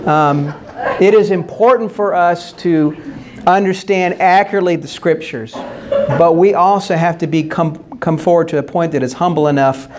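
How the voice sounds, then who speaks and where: A man's voice: on the high side, moderate pace, crowd noise. A man preaching a sermon as pastor, earnestly explaining scripture and posing rhetorical questions.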